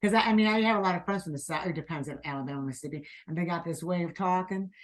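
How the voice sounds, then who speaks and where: Lower-voiced woman co-host, chatty. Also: rapid-fire. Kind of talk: casual podcast chat.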